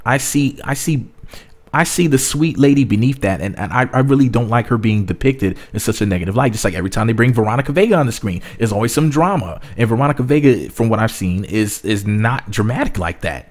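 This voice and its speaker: A man's voice: mid-range voice, expressive, fairly quick. A man giving casual spoken commentary in a rambling way, repeating words as he goes. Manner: rambling, repeats words, drops into mocking voices. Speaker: vlogger.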